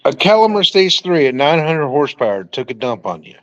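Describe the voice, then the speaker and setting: A man's voice: a little high, very animated, fairly quick, fairly bright tone, highs cut off. A man hosting a casual livestream, swearing and quizzing his guest about car parts. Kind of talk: casual chat.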